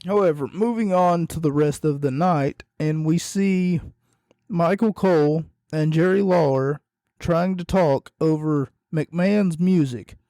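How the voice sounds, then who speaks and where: A hoarse man with a frog in his throat hosts a podcast, talking in a rambling, casual way with wry, self-deprecating jokes. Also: fairly high pitch, a little slow, warm tone, dry recording, clean studio sound. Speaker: podcast host.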